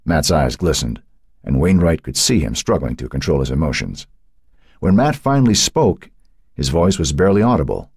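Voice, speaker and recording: A man narrating an audiobook with an expressive reading. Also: a bass voice, moderate pace, breathy edge, no room sound, studio quality. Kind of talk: scripted narration.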